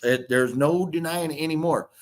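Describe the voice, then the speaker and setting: A man in his 50s rambles and curses while reading chat on a casual livestream he's hosting from a hotel room. He talks at normal speed in a slightly high voice.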